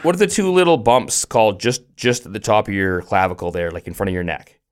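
A middle-aged man co-hosting a podcast, telling stories in an animated way with lots of restarts and laughs. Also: on the low side, a little fast, clear, resonant tone. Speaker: podcast co-host. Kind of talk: casual chat.

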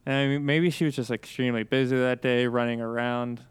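A man's voice: medium pitch, little pitch movement, brisk, clear, resonant tone, dry recording. A man co-hosting a podcast in casual chat, joking and swearing freely. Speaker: podcast co-host and editor.

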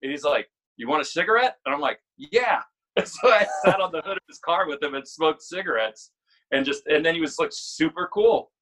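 A man in his forties spins an animated story in loose conversation. His voice is bright and forceful. He swears freely and laughs often. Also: fairly high pitch, fairly quick, poor audio. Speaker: guest musician. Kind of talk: casual storytelling chat.

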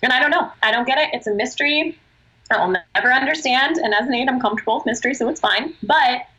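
A woman with a high, bright, forceful voice speaks as a podcast guest. She is earnest and expressive and swears freely in casual chat. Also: fast talker, rough recording. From Australia.

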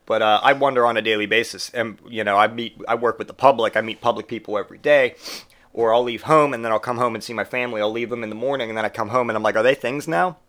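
A man's voice: medium pitch, quick pace. A man hosting a podcast, rambling and swearing through a comic monologue, getting over a cold. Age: adult parent who grew up in the eighties. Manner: profane, rambling and animated, with mock voices for quotes. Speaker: podcast host. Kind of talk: casual comedic monologue.

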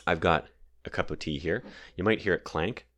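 A man's voice: sits low, moderate pace, a bit bright, slight background noise. A man with a sore throat hosting a casual solo podcast from his home basement, rambling with lots of fillers and digressions. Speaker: podcast host.

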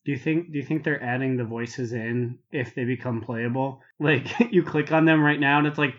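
A man co-hosting a casual gaming podcast, wry and quick to laugh. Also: medium pitch, steady tone, a bit bright, muffled recording. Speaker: podcast co-host.

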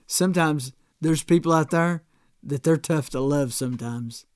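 High-voiced male pastor, conversational. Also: a little slow, clear, resonant tone, no echo, clean studio sound. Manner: conversational preaching, many restarts and "right?" asides. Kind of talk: sermon.

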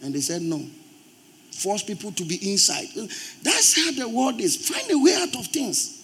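A Ghanaian-accented male pastor delivers a sermon in church with a notably high voice. He preaches emphatically, pressing his points and swelling into loud, forceful bursts. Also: huge pitch swings, moderate pace, a little hiss or hum. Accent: Ghanaian English.

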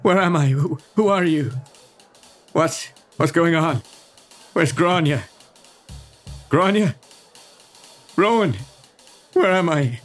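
A man's voice: fairly high pitch, lively intonation, takes it slowly, long pauses, faint music behind, pitched above the performer's own voice. A man voicing a dazed ex-soldier saxophonist who fires off confused, pleading questions. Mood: bewildered. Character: dazed, bewildered male saxophonist, a tough ex-soldier.

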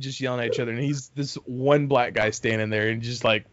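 A man's voice: medium pitch, steady tone, a little fast, few pauses, a bit bright. A man telling a long story in casual podcast chat, rambling, swearing heavily and acting out what people said. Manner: rambling, heavy swearing, acts out quotes. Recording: dull dry close mic.

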